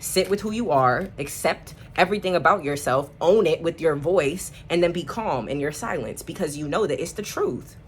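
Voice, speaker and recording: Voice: mid-range voice, expressive, normal speed, hardly any pauses, a little hiss or hum. A tarot reader speaking straight to the viewer, emphatic and repeating affirmations. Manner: addresses viewers warmly and directly. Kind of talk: direct-to-camera tarot reading.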